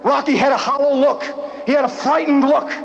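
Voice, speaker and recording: High-voiced man preaching at a rally. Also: fairly even intonation, fairly quick, creaky. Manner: preaching, repetitive, punchy, builds to shouts. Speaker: motivational business speaker. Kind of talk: motivational rally speech with storytelling. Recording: dull lo-fi live tape, faint noise.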